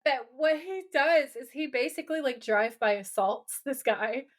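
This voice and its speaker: A woman co-hosting a podcast casually recaps a TV episode, animatedly acting out scenes through quoted dialogue. Her voice sits high and moves at a moderate pace.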